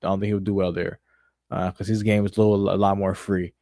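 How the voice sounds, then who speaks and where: A man's voice: low voice, little pitch movement, fast, dark tone, no echo, studio quality. A young man co-hosting a sports podcast, talking emphatically and profanely in casual chat. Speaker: podcast co-host.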